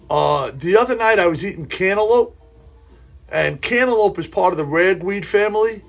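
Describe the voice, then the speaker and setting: A man hosting a live stream from his model railroad layout, sniffly and sneezing, talking in a rambling, halting way that often repeats itself. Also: high voice, creaky. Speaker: livestream host running a model railroad. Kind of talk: casual live-stream chat while working. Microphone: earpiece in ear.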